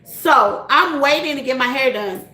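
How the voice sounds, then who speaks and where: A woman's voice: high-pitched, expressive, a little slow, sharp tone, roomy sound. A middle-aged woman hosting a casual chat to her viewers, laughing often and repeating her points in a direct, folksy way. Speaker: tarot reader and channel host.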